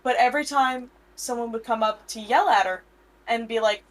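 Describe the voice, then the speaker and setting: A woman's voice: fairly high pitch, moderate pace, rough recording. A woman co-hosting a casual chat podcast, telling stories in a blunt, sassy way and swearing freely. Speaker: podcast co-host.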